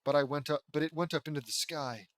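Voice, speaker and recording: A man's voice: fairly high pitch, quick pace, no echo, lightly acted. A man reading the lines of an eager, starstruck young male inventor in a fan fiction audiobook.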